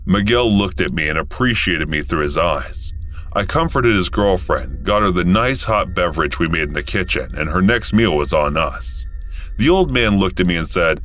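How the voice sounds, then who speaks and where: Deep-voiced man telling a story. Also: expressive, moderate pace, a bit bright, soft background music. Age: 30s. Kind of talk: scripted first-person story narration.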